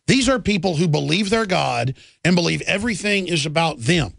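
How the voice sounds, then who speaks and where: A man's voice: fairly high pitch, lively intonation, normal speed, vocal fry, a bit bright, dry recording, clean studio sound. A man hosting a live talk radio show, ranting indignantly about the news and often restarting and repeating words.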